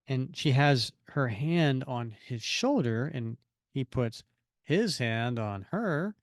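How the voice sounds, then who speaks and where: A man's voice: medium pitch, animated, slow pace, no room sound, studio quality. A man co-hosting a podcast who reads a comic aloud and acts out the dialogue with energy. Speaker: podcast co-host. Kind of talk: casual chat and reading aloud.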